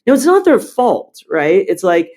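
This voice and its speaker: Speaking at a moderate pace in a high voice, a startup founder and CEO talks as an interview guest. The conversation finds him blunt, animated and now and then profane, telling stories with energy.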